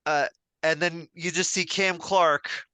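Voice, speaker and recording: A man's voice: medium pitch, expressive, normal speed, pushed and bright, clear, resonant tone, no echo. A man co-hosting a podcast, chatting casually and telling stories with enthusiasm, full of fillers and restarts. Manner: enthusiastic, rambling storyteller with many fillers. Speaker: podcast co-host.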